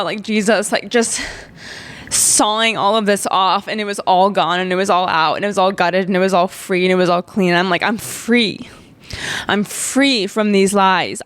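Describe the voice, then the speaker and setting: A young woman podcast host, telling a personal story in a chatty way, full of "like". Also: medium pitch. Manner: chatty, heavy on fillers like "like".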